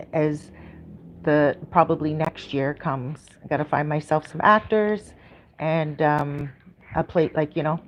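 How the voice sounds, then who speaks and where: A woman's voice: low voice, dull audio, a little hiss or hum. A woman with a Canadian accent chatting casually on her livestream, upbeat and rambling with lots of ums and restarts. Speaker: YouTuber hosting a livestream.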